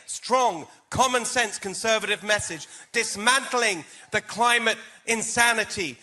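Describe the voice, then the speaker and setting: Responding to a question in a debate, this candidate speaks with a British accent in a high-pitched, sharp tone, delivering his answer emphatically like a campaign stump speech.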